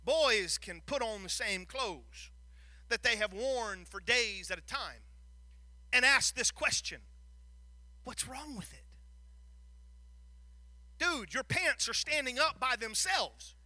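A middle-aged man preaching a sermon, folksy, quoting scripture, swinging from quiet asides to shouted passages. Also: very high voice, animated, unhurried, dry recording. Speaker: pastor.

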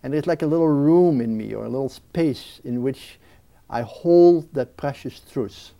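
A man's voice: medium pitch, measured pace, vocal fry. A man talking earnestly and reflectively about prayer in an interview, often restarting sentences and briefly acting out restless thoughts. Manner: earnest, with frequent restarts and lively mimicking of racing thoughts. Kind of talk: reflective spiritual talk.

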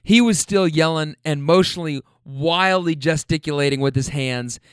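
A man's voice: a little high, normal speed, clear, resonant tone, no echo, clean studio sound. A man telling a casual story about a couple he drove, loose, chatty and profane.

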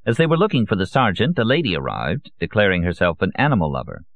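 Deep-voiced man narrating a novel. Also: big pitch swings, fast talker, no room sound. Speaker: audiobook narrator. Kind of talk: scripted narration. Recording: dull, lo-fi audio.

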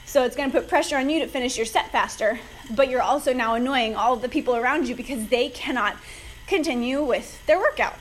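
A woman's voice: sits high, a little fast, poor audio. A woman hosting a fitness podcast, chatty and upbeat, a little out of breath as she pedals an exercise bike. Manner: upbeat, chatty, gives advice directly. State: slightly out of breath from cycling. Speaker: podcast host, fitness coach. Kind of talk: casual solo podcast talk.

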